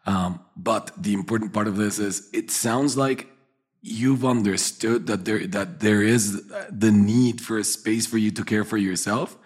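A man co-hosting a casual podcast, calmly explaining how people handle emotions in confident, measured statements. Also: on the low side, slightly rough. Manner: calm, explanatory, speaks in confident pronouncements. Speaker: podcast co-host, personality-type coach.

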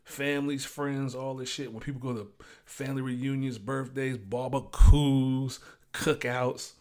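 A man's voice: mid-range voice, little pitch movement, measured pace, a little mellow. A man hosting his own show, talking alone in a blunt, profane, ranting way. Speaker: show host. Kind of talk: casual monologue.

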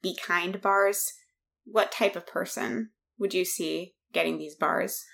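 A woman's voice: lowish voice, takes it slowly, gravelly, fairly bright tone. Chatty woman podcast co-host. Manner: chatty, hedging with fillers. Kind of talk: casual podcast chat.

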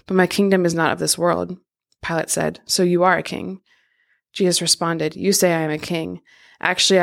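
A woman reading scripture passages aloud in a steady, measured way. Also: fairly low pitch. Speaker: scripture reader.

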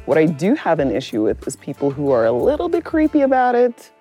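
A woman's voice: sits low, fairly quick, slightly rough, soft background music. A woman hosting a casual chat, telling a dating story with lots of laughter and acted-out voices. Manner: animated, laughing, acts out voices in her story. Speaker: podcast host.

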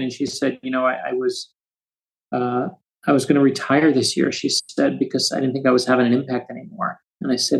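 A man in his fifties from the United States, an author telling stories with quick asides as a podcast guest. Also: medium pitch, fairly even intonation, creaky, low-quality recording. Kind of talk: storytelling interview.

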